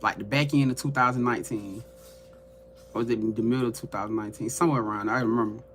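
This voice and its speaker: Lively, bright-voiced man telling a story. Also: medium pitch, fast, slight background noise. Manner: animated, profane, addresses viewers as y'all. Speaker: tarot reader and livestream host. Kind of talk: casual storytelling on a livestream.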